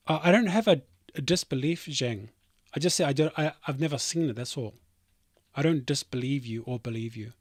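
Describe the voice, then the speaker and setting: A man's voice: fairly high pitch, a little fast, no room sound, clean studio sound. A developer streamer talking casually to his chat, reading comments aloud with dismissive, rambling asides.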